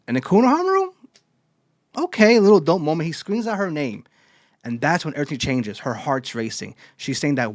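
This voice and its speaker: A man hosting a casual anime podcast, excitedly retelling a chapter and swearing freely. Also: on the high side, a little fast, no room sound, clean studio sound. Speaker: podcast host.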